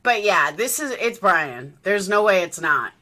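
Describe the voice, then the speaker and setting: A woman's voice: mid-range voice, big pitch swings, unhurried, sharp tone. A woman hosting a livestream, chatting loosely as she reacts to a live news feed. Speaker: livestream host. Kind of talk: casual live commentary.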